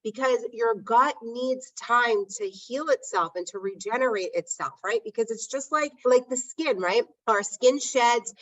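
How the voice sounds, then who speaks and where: Middle-aged woman podcast host, chatty storytelling, highish voice, kinda distant and dull sound. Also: unhurried, few pauses, a bit bright. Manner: chatty, frequent "right?" tag questions. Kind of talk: casual personal storytelling.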